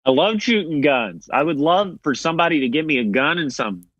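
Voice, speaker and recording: A man from Tennessee with a Southern accent, a guest actor talking in a wry, self-deprecating way with drawn-out pauses. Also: on the high side, expressive, fairly bright tone, dry recording, dull audio. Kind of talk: casual video interview.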